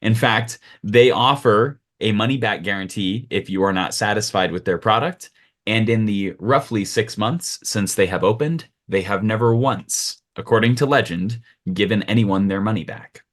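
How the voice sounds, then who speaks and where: A low-voiced man running a tabletop fantasy game as game master. He sets each scene in a relaxed, storytelling way. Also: moderate pace.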